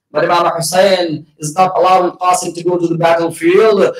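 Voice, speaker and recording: A male preacher telling a sorrowful story in a mourning sermon, slow and grieving, rising to shouted lament. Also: high voice, flat delivery. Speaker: Islamic preacher. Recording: echoey hall, mic at a distance.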